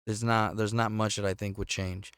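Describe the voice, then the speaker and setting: A man's voice: on the low side, level tone, moderate pace, a bit bright, clear, resonant tone, no echo, studio quality. A young man from Missouri co-hosting a podcast, chatting casually and cursing as he tells stories. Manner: profane, storytelling with acted quotes. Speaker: podcast co-host. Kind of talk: casual chat.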